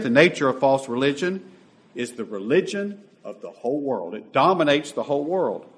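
A man preaching a sermon, emphatic, with sudden loud peaks. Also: on the high side. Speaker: pastor.

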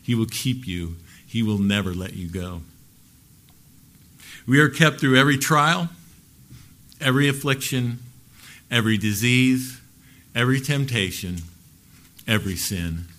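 A man preaching a Sunday sermon in an earnest way, with a mid-pitched voice. He leans into key words and lets the ends of phrases fall quiet. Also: a little slow, pauses often. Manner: earnest preaching, rising for emphasis and dropping soft at phrase ends. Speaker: pastor.

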